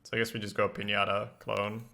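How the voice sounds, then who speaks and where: A man's voice: on the low side, flat delivery, a little fast, gravelly, noisy background. A man streaming a card game, talking through his plays in casual, analytical commentary and laughing easily. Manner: analytical, thinks aloud about plays.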